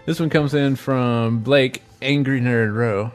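A man's voice: medium pitch, takes it slowly, faint music behind. A man co-hosting a podcast, reading listener emails aloud and cracking jokes in casual chat. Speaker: podcast co-host.

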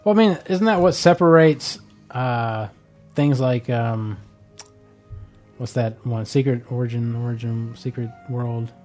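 A man's voice: medium pitch, a little slow, a little mellow, soft background music. A man co-hosting a casual gaming podcast, talking hesitantly with many fillers. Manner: hesitant, full of "like" and "I mean".

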